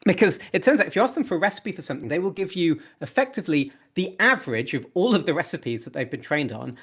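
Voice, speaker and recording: Chatty man with a slightly high voice. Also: husky. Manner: enthusiastic, repeats words when restarting. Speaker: podcast guest, open source developer. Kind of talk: casual interview talk.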